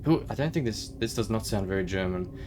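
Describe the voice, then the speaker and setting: A man's voice: fairly low pitch, expressive, fairly quick, darkish tone, slight background noise. A man casually commenting on a game as he plays, chatty and thinking aloud, sometimes reading the on-screen text. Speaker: gaming video host.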